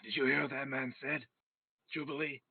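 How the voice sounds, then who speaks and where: A man's voice: mid-range voice, steady tone, moderate pace, gravelly, breathy edge. A man voicing a drunken male priest who loves killing demons, boisterous and profane. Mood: rowdy. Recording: tinny phone-like audio.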